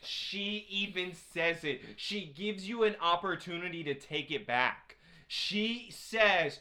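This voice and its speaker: A young man co-hosting a casual recap podcast, excitable and loud in his outrage. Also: high voice, takes it slowly. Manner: excitable, shouts in outrage, acts out characters. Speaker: podcast co-host.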